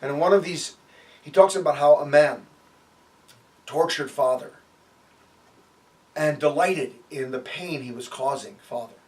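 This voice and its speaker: A man's voice: fairly high pitch, a little slow, long pauses, darkish tone, recorded from a distance. A man giving a sermon and telling stories, with frequent fillers and acted-out quotes. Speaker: preacher.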